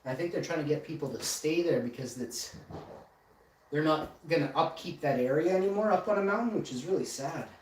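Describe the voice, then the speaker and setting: His voice is a little high and darkish, and he talks a little fast while hosting a casual livestream. He jokes with and boasts to viewers in the chat from an indoor room with a ring light, the sound echoey, distant, and faintly noisy.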